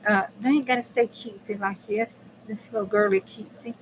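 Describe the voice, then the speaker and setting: A woman's voice: medium pitch, steady tone, fairly quick, a little hiss or hum, low-quality recording. A woman hosting a casual live crafting chat, chatty and blunt, swearing freely and talking straight to her viewers. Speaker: crafting channel host.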